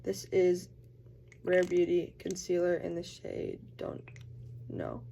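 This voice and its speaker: Her voice is lowish and gravelly, the pitch swooping wildly while she talks slowly against a very noisy background. This young college vlogger chats as she gets ready, leaning on "like" constantly and performing the voices of people she quotes.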